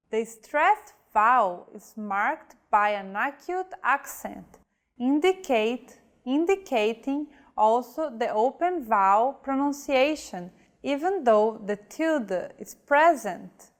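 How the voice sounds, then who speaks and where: Woman, language teacher, scripted lesson, slightly high pitch, unhurried, careful delivery of example words.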